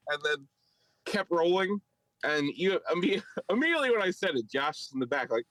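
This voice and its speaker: A man with a Philadelphia accent co-hosts a podcast, telling a long story in a rambling, filler-heavy, animated way as casual chat. His pitch is fairly high and his speed normal, with no room sound but poor audio.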